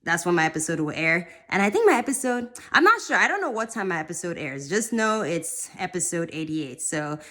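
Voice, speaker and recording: A woman vlogger talking casually to her viewers, bubbly and rambling, with squealing cheers of excitement. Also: on the low side, a little fast, hardly any pauses. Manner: rambling with many fillers. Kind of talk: casual talk to camera.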